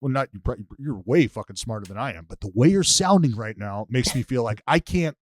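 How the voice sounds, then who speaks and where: A man's voice: medium pitch, lively intonation, fairly quick, no room sound. A man co-hosting a casual podcast chat, laughing often and swearing casually. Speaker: podcast co-host.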